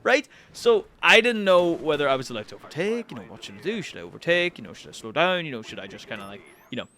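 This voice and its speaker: A young channel host tells a story to camera in casual commentary, talking at a quick pace. He's animated, swears freely and his pitch jumps high when he gets excited.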